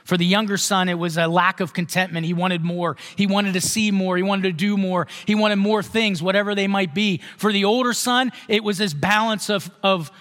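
High-voiced male pastor preaching in a hall. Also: fairly even intonation, moderate pace, hardly any pauses, fairly bright tone. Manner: conversational, asks the congregation questions. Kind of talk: sermon.

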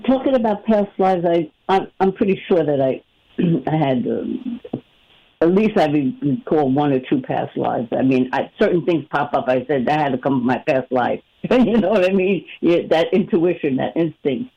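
A woman's voice: deep voice, animated, normal speed, breathy edge. A woman calling in to a talk show, chatting casually and animatedly with stumbling, hesitant starts. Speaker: caller. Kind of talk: casual phone-in chat. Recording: muffled call-in audio.

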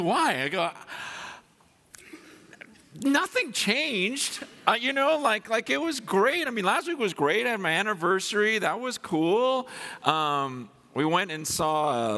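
A man preaching a sermon, excited and effusive, repeating himself as he speaks. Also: fairly high pitch. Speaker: pastor.

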